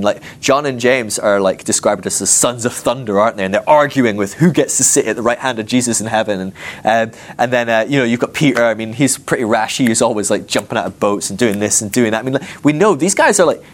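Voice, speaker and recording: A man preaching a casual, chatty sermon and acting out the disciples in quick asides. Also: medium pitch.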